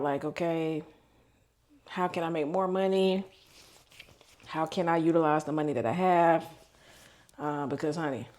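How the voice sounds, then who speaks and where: Candid thirties woman venting, low-pitched. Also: a little mellow. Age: 30s. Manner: candid, venting, swears freely. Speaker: vlogger. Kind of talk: casual personal vlog.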